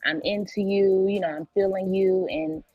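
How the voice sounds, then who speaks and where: A woman's voice: medium pitch, fairly even intonation, normal speed, slightly rough, no echo, lo-fi sound. A woman hosting a casual talk stream, speaking thoughtfully with many hedges. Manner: thoughtful, hedging. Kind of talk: casual chat.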